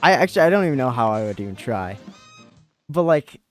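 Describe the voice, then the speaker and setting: A man's voice: mid-range voice, sing-song, very fast, soft background music. A young American man streaming a game, chatting casually and rambling with lots of fillers and restarts. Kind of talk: casual chat while gaming.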